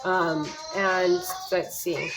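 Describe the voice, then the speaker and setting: A woman's voice: on the low side, steady tone, drawn-out words, over music, low-quality recording. A young woman giving casual advice as a parent, talking in a rambling way with many fillers and restarts. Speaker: parent sharing speech tips.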